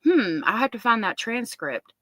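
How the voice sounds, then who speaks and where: A woman hosts a casual livestream. She reads viewer comments aloud and chats about them. Her voice is bright and forward, and the sound is close and dry with no room. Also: on the high side, sing-song, moderate pace, no echo. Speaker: livestream host.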